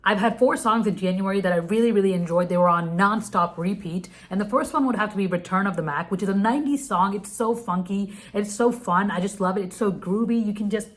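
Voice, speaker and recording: A woman's voice: medium pitch, a little fast, hardly any pauses, soft background music. A young woman whose first language is Telugu, chatting bubbly and casually through her monthly favorites with many restarts. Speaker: vlogger.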